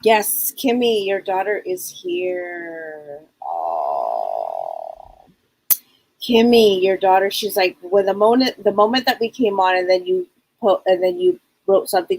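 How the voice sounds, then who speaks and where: Woman psychic medium, husky voice, mid pitch, stop-start relaying of messages, dry sound. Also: wildly swooping pitch, a little mellow, low-quality recording. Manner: halting, repetitive, relays messages in first person.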